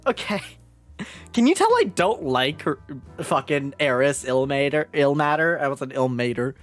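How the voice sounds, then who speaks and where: A young woman streaming a game live, reacting excitably and swearing freely while reading along. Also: extremely low pitch, moderate pace, soft background music.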